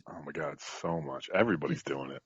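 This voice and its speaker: A man with a very deep voice co-hosts a casual podcast chat. He tells stories animatedly and laughs often. The mic sounds dry and slightly muffled, with no room sound. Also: a little fast, slightly rough, no room sound. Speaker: podcast co-host.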